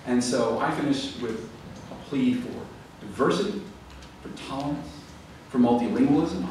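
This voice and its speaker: A man giving a lively, conversational public lecture to a library audience, then taking questions. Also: mid-range voice. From American South. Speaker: author giving a library talk. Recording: roomy echo, distant mic, faint background noise.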